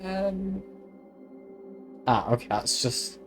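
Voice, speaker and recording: A man's voice: high-pitched, animated, extremely slow, soft background music. A man streaming a detective game, chatting wryly and reading game text aloud. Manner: chatty, wry, reads aloud with asides.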